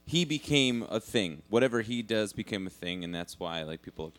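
Lower-voiced hesitant man. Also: animated, normal speed, fairly bright tone, no room sound. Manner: hesitant, stammering restarts. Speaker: podcast co-host. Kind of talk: casual chat.

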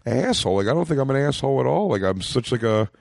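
This male comedian guest sounds animated and gravelly, with a medium-pitched, darkish voice and clean, echo-free studio audio from a small home studio room. Chatting casually on a podcast, he rambles profanely and is quick to act out quotes.

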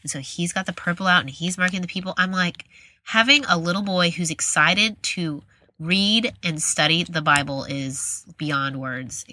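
Rambling, friendly woman host, thirties, lower bright voice. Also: moderate pace. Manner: chatty, rambling, self-deprecating. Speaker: podcast host. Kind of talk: casual conversational interview.

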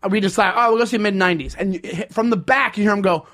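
A man with a high-pitched voice co-hosting a casual podcast. He tells stories with animated, lively acted-out quotes that jump up in pitch and loudness. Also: quick pace. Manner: animated storyteller, acts out quotes loudly. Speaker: podcast co-host. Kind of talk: casual chat.

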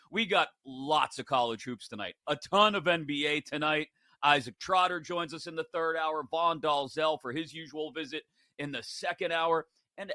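Bright upbeat male show host. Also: medium pitch, no echo. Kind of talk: show host, casual chat.

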